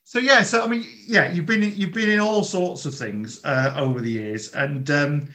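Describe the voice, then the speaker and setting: A man interviewing an actor in a relaxed, conversational way. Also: a little high. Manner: conversational, quick bursts of questions. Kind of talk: casual interview chat.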